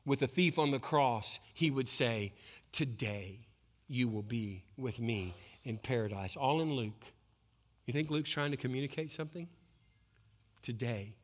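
A man preaching a sermon, swinging between hushed, intense passages and loud, rising exhortation. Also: mid-range voice, normal speed. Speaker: pastor.

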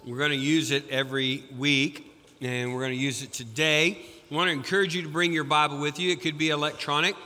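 A man's voice: fairly even intonation, brisk, bright, forceful tone. A man preaching a sermon as pastor, folksy, with a sore throat, lifting his voice as he reads scripture. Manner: folksy, rises in pitch and volume reading scripture. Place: church sanctuary. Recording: church hall with long reverb.

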